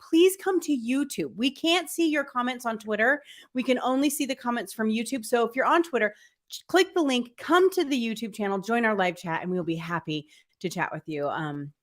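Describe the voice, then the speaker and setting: This woman's voice is fairly high and a bit bright. She co-hosts a casual live football podcast, upbeat and chatty, dropping in plenty of fillers.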